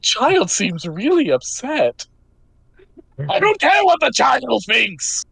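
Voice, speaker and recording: A woman game master voicing a confused, grumpy dragon-snail monster in a tabletop game, sounding gruff and flustered. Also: mid-range voice, sing-song, slow pace, a bit bright, dry recording, voice pushed up, heavily acted, low-quality recording. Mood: grumbling.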